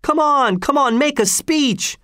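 A man voicing an excited village crowd, shouting in high, strained bursts. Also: unhurried, dry recording, clean studio sound, full character voice. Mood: rowdy cheering.

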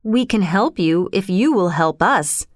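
A woman's voice: medium pitch, lively intonation, measured pace, no room sound, studio quality, lightly acted. A woman voicing a polite, patient father elephant in a children's storybook, speaking in a coaxing way.

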